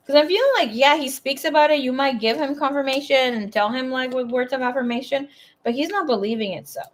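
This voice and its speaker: A woman's voice: high-pitched, moderate pace. A woman giving a casual tarot reading in a chatty, blunt way, swearing freely as she talks. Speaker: tarot reader.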